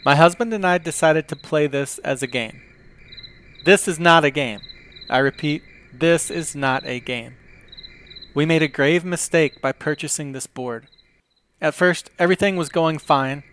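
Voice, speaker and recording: A man hosting a podcast reads customer reviews aloud with dry humor. His voice sits a little higher than most men's. He delivers the lines in an easy, playful hosting manner. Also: fairly bright tone, slight background noise. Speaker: podcast host.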